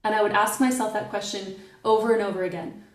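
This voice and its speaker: A woman's voice: mid-range voice, steady tone, quick pace. Middle-aged woman, chatty guest, playful storyteller, roomy off-mic sound. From Canada. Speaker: podcast guest. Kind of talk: casual podcast conversation. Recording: echoey and distant from the mic.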